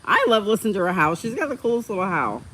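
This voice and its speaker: A woman's voice: mid-range voice, very animated, fast, a bit bright, a little hiss or hum, low-quality recording. A woman hosting a casual live stream, chatting with viewers, reading out their comments and getting heated about how dogs are treated. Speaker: livestream host.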